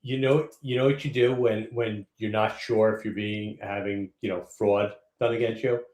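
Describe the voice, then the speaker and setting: A co-host on a live stream, making calm, measured interjections. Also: male voice, on the low side. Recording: echoey, distant mic.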